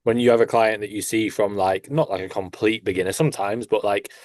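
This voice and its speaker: A man's voice: on the low side, steady tone, a little fast, a little mellow, dry recording, clean studio sound. Laid-back male coach, lots of fillers. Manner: rambling, swears casually, many "like" fillers. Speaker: physique coach, podcast co-host. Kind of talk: casual chat.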